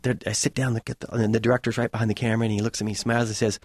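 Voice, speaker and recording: A man's voice: lowish voice, level tone, racing, husky, no echo, clean studio sound. A man, guest on a talk show, telling a story in casual conversation and acting out the quotes of the people in it. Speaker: guest, music school director.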